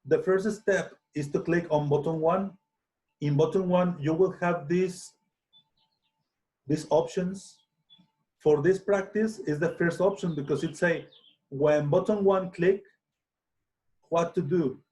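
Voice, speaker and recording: Slow, hesitant man teaching. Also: on the high side, darkish tone. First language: Spanish. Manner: slow, hesitant, many restarts and fillers. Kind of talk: software tutorial screencast.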